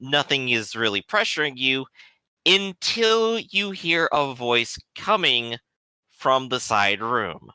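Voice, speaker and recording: A man narrating as game master of a tabletop role-playing game, with lively descriptive delivery. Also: mid-range voice, slow, smooth, no room sound.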